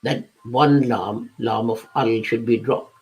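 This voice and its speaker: Speaking slowly in a steady, medium-pitched voice with a touch of mellowness, this male religious lecturer walks listeners through scripture one step at a time. He draws on everyday examples, occasionally pausing to hesitate or correct himself. The audio is poor.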